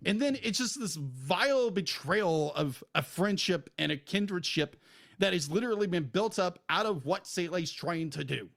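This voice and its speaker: A man's voice: high-pitched, lively intonation, normal speed, creaky, fairly bright tone. A man co-hosting a podcast, ranting heatedly about a show he is reviewing. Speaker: podcast co-host. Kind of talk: casual review chat.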